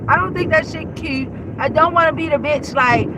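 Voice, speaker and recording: Blunt high-voiced woman talking to viewers. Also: moderate pace, background noise. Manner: blunt, profane and emphatic. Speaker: vlogger. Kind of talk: casual chat to viewers.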